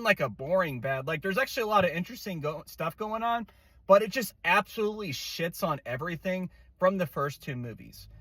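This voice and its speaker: A movie reviewer with a mid-range, sharp-toned voice gives an exasperated, angry casual rant with no room sound. He rambles profanely, swearing constantly and full of fillers and restarts.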